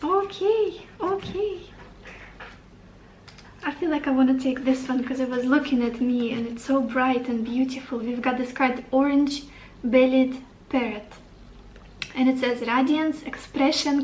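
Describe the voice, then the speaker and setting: A woman's voice: high voice, normal speed, darkish tone, echoey room, distant mic, a little hiss or hum, low-quality recording. A woman giving a tarot reading to the camera, upbeat and encouraging, thinking aloud as she turns over cards. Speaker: tarot reader.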